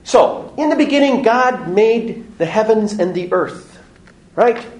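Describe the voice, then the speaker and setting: A man giving a parish Bible study talk, animated and joking, acting out little voices in his stories. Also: high-pitched, slow pace, roomy sound, slight background noise. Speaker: parish teacher. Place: parish hall or church.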